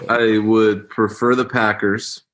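A man's voice: fairly low pitch, flat delivery, measured pace, fairly bright tone. A man in a casual sports chat, easygoing and hesitant, often restarting his sentences.

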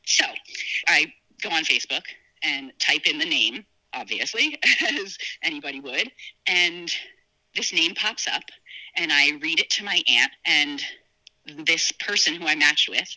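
A woman from New Jersey, a podcast guest telling her own story in a casual, animated way and acting out quoted voices. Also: a little slow, poor audio. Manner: animated, acts out quoted dialogue with big pitch jumps.

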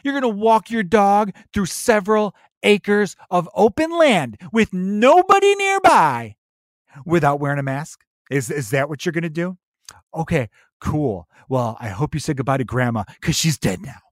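A man mockingly impersonating a preachy, scolding man who lectures in a drawn-out, sarcastic tone. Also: a little high, very animated, no echo, clean studio sound, voice pushed up.

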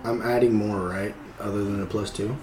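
Low-voiced eager man in an echoey room. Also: normal speed, a crowd in the background. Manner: eager, excitable. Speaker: player. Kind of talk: casual tabletop play.

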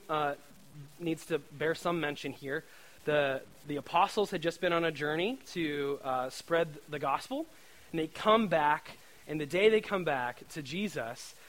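Brief: male preacher, fairly high voice, casual joking sermon, animated, keeps checking in with "right?". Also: poor audio.

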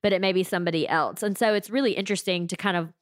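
A woman's voice: fairly low pitch, racing, no room sound, clean studio sound. A woman with a Southern US accent chatting casually as a podcast co-host, rambling and full of "like" fillers. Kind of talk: casual chat.

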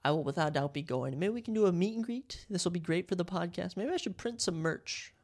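A young man from Minnesota hosting a casual solo podcast, talking in an excitable, rambling way and often correcting himself. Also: high-pitched, brisk. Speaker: podcast host.

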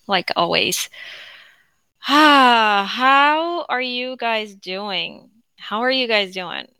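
A woman's voice: mid-range voice, pushed and bright, no echo. A young woman with a Korean accent hosting her own podcast from home, chatting without a script, rambling with lots of fillers and restarts. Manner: rambling, chatty, frequent fillers and self-corrections. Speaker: podcast host. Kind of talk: unscripted casual monologue. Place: at home with her dog beside her.

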